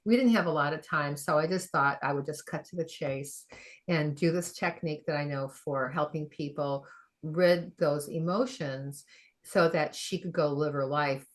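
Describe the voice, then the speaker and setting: A middle-aged woman, a functional medicine practitioner, telling a story in an animated way, acting out the quoted dialogue and laughing often. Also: deep voice, normal speed. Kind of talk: conversational storytelling.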